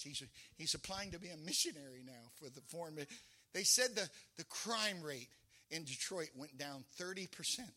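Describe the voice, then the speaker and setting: A middle-aged man preaching a sermon, with emphatic storytelling that rises into shouts. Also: on the high side. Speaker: pastor.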